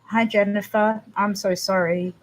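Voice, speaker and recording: A woman hosting a casual livestream, answering viewers' comments in a halting, emotional way with frequent restarts. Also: medium pitch, flat delivery. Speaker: livestream host.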